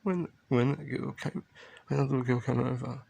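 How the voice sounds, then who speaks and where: A father telling a tender family story in a halting, rambling way, recorded in an airplane cabin. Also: mid-range voice, fairly even intonation, vocal fry, dark tone, breathy edge, dull audio. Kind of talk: rambling personal video diary.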